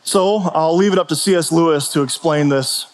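Guy preaching casually, highish voice, lots of rhetorical questions, big hall echo. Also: moderate pace. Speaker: pastor. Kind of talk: sermon. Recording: long hall reverb.

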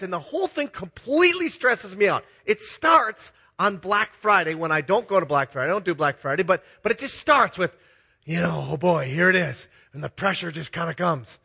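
A high-pitched, husky voice with a sharp tone belongs to a middle-aged pastor from Minnesota. He preaches a sermon through personal storytelling, self-deprecating and confessional, chuckling as he goes.

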